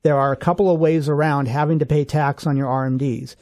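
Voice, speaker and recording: A man co-hosting a radio finance show, explaining rules step by step in a steady, clear way. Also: a little high, a little fast. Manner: steady explanatory, walks through examples step by step. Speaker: financial advisor co-host.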